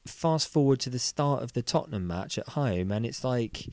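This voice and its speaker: A man in casual football podcast chat, animated and laughing, swearing freely. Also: mid-range voice, normal speed, slight background noise. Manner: animated, laughing, swearing, lively mock voices.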